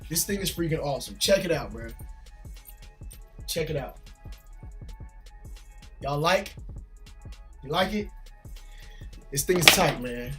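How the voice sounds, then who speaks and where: Chatty man with a high voice. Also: animated, takes it slowly, pauses often, pushed and bright, soft background music. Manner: loose and chatty, often tags "man" and "bro". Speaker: army drill sergeant and YouTuber. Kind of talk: casual reaction vlog. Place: home, seated in a gaming chair.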